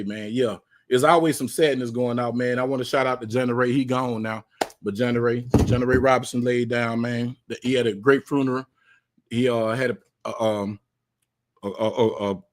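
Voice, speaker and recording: A man hosting a casual live stream, talking in a loose, slangy way full of fillers. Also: mid-range voice. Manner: laid-back, slangy, filler-heavy talk. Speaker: livestream host.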